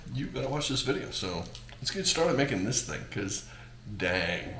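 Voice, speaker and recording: A man's voice: on the high side, fairly bright tone. Male home-cooking host, casual demo delivery, wisecracking asides, echoey room sound. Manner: jokey, rambling, chatty asides.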